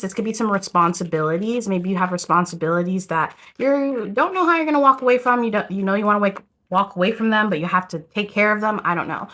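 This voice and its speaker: A woman with a bright, clear voice talks casually to camera through a tarot spread. Her delivery is loose and rambling, and she keeps turning to her viewers as a group. She sits close to the camera mic. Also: mid-range voice. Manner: chatty, rambling, addresses viewers as "you guys". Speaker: tarot reader.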